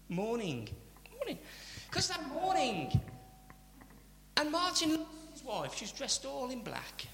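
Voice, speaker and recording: A man preaching a sermon, chatty and animated, with asides to the congregation. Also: a little high, creaky. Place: church. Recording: church hall reverb, faint hum.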